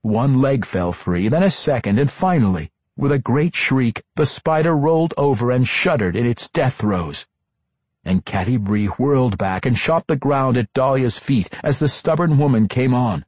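A man narrating a fantasy audiobook in an expressive, dramatic reading with character voices. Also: mid-range voice, normal speed, slightly rough, no echo.

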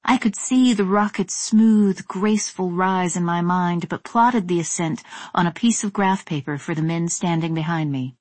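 A woman with a lowish voice narrates an audiobook at normal speed, reading a scripted story in the first person. The sound is dry and close, with no echo.

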